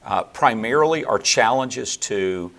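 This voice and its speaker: A man answering interview questions on theology in a measured, lecturing way, with fillers and restarts. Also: medium pitch, lively intonation, gravelly, a bit bright. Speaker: theologian guest.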